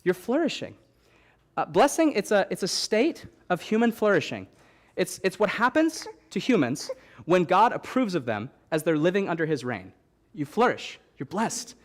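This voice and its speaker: A young man preaching a sermon as young adults pastor, animated and repeating key phrases for emphasis, with light joking asides. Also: high-pitched, moderate pace. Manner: joking asides, stops to soothe a baby.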